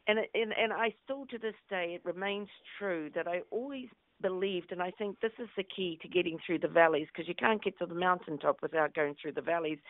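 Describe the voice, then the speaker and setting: Middle-aged New actress, storyteller guest, dry tinny phone-quality audio. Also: female voice, low-pitched, no echo. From New Zealand. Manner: lively anecdotal, acts out quotes. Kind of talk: interview storytelling.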